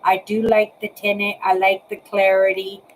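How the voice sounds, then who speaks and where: Older lady vlogging from her apartment on a webcam, slow and rambly, talks right to the viewers. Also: mid-range voice, monotone, slight background noise, rough recording. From Canada. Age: 60s. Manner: rambling, repeats words, addresses viewers directly. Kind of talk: casual talk to camera. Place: apartment, indoors.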